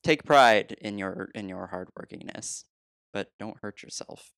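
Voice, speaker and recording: A man co-hosting a podcast in loose, rambling casual chat, laughing often. His voice sits low with a gravelly fry. The sound is dry and close. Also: measured pace, a bit bright, dry recording. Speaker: podcast co-host.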